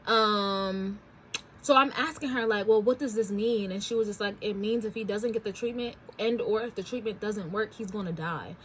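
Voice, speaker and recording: A woman's voice: mid-range voice, normal speed, fairly bright tone, slight background noise. A woman in her twenties hosting a talk show, telling a personal story in a chatty, candid way with slangy asides. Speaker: podcast host. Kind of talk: casual storytelling.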